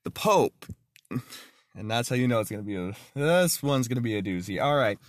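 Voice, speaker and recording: A man's voice: mid-range voice, fast talker, no echo, clean studio sound. A man hosting his own podcast, talking earnestly and plainly and telling jokes. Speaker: podcast host. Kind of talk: casual podcast monologue.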